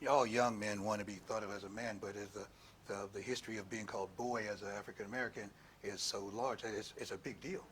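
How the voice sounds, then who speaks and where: Bright-voiced older male pastor. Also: lowish voice, quick pace, a little hiss or hum. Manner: animated, laughing, acts out quotes in a raised voice. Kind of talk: storytelling sermon.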